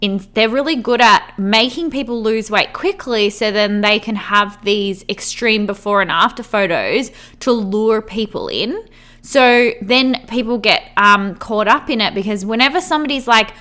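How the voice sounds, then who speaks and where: Bright-voiced woman chatting on her podcast. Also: a little high, moderate pace. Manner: chatty, fills speech with "like"; acts out imagined friends' voices. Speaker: podcast host. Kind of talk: casual podcast chat.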